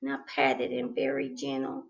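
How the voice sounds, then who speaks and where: A woman reading a children's storybook aloud in a gentle, expressive way, on a slightly dull recording. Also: high-pitched, moderate pace, gravelly.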